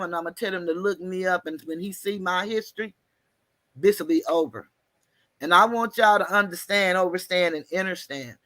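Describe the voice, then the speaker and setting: A woman telling a story in an animated, folksy way, mixing slang and cussing. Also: medium pitch, no echo. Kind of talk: casual storytelling.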